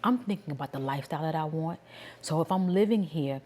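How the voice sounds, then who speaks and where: A woman in her forties with a New York accent, talking casually and candidly to her viewers and thinking out loud. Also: low-pitched, quick pace. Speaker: vlogger. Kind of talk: casual talk to camera.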